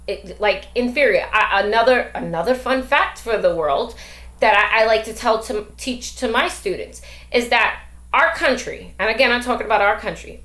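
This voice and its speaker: A woman's voice: a little high, fairly bright tone. A middle-aged woman and grandmother, a podcast host talking emphatically with many rhetorical questions. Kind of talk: casual discussion. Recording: echoey room.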